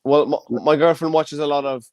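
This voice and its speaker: A man's voice: fairly high pitch, level tone, a little fast, a little mellow, smooth, no room sound. Teasing Irish man hosting. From Ireland. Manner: teasing, chatty. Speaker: comedy show MC. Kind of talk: casual chat hosting an online comedy show.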